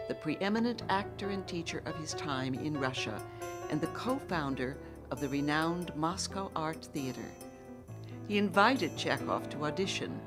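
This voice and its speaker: A woman narrating a documentary in a measured, formal way. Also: low-pitched. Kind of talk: scripted narration.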